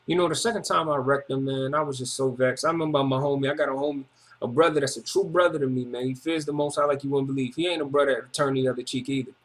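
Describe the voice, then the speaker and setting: Husky man giving a rambling testimony. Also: medium pitch, fairly even intonation, fast talker. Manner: repetitive, emotional, slangy street talk. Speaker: testimony speaker.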